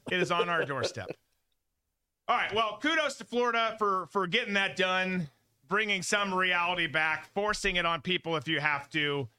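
A man's voice: sits high, moderate pace, bright, forceful tone, smooth. A man hosting a podcast in casual, opinionated chat, emphatic and prone to repeating himself for stress. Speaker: podcast host.

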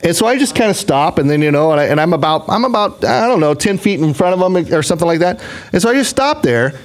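A man's voice: high voice, expressive, fast. A man hosting a podcast, telling a long story in casual chat, repeating words and swearing offhand. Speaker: podcast host.

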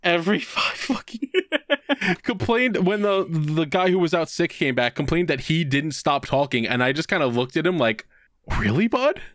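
A man's voice: fairly high pitch, moderate pace, dry recording, clean studio sound. A man co-hosting a podcast, telling a work story in casual chat and acting out the quotes. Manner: animated storytelling with voiced quotes. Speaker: podcast co-host.

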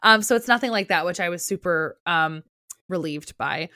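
A woman's voice: fairly low pitch, normal speed, pushed and bright, dry recording. A young woman with a New Jersey accent, co-hosting a podcast in casual chat, full of "like" fillers and swearing. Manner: chatty, lots of "like" fillers, swearing. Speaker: podcast co-host.

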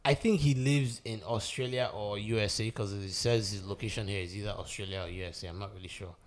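A man co-hosting a casual group podcast chat, telling stories with lively mimicry. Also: on the low side, brisk. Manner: animated storyteller, mimics voices. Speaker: podcast co-host.

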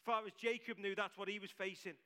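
Bright-voiced, high male preacher in church. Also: steady tone, brisk, clean tone. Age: adult with several children. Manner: emphatic, repeats key phrases. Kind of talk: sermon.

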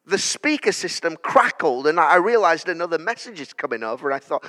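A man in his thirties preaching a sermon in a church, telling stories that build to loud declarations. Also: high-pitched, sing-song, normal speed, hardly any pauses. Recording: long church hall reverb.

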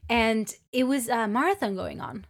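Animated woman podcast co-host. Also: a little high, normal speed, vocal fry. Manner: expressive storyteller, animated when excited. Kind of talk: casual chat. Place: Malmo.

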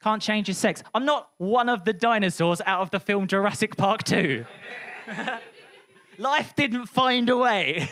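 A woman comedian doing a punchy, animated stand-up set on a club stage. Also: mid-range voice. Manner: animated, punchy, laughing through lines.

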